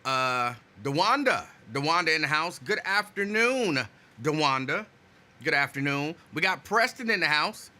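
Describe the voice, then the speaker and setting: A man hosts a casual live stream, greeting viewers by name and chatting loosely while remarking that his energy is low. His tone is bright and forceful.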